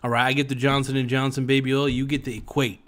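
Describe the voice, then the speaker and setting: A man's voice: mid-range voice, flat delivery, fast, a bit bright. A man as a podcast guest in casual chat, crude, joking and rambling.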